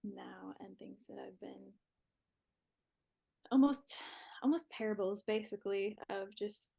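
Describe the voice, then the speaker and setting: A young woman, a podcast guest, talking in a relaxed, reflective way about faith and new motherhood. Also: mid-range voice, unhurried, gravelly, rough recording. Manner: reflective, talks with her hands. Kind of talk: casual faith talk.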